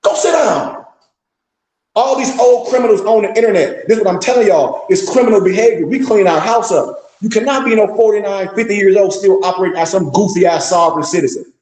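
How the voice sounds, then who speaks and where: A man's voice: high-pitched, quick pace, a little mellow. A middle-aged man who leads a temple, speaking with an African American Vernacular English accent and giving a blunt, profane, scolding street-style lecture. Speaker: temple leader. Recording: echoey room.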